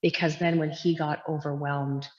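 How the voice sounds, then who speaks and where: A woman's voice: low-pitched, little pitch movement, moderate pace, darkish tone. A woman in her thirties, a yoga teacher, talking earnestly and reflectively in an interview from her studio, with many fillers. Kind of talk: casual interview talk. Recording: dull lo-fi sound with long echoey reverb.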